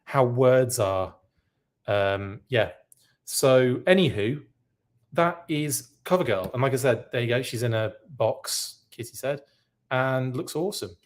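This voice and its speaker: On a live podcast, a male host reacts to the news at a measured pace, his medium-pitched voice expressive. His talk is chatty and meandering, full of self-corrections.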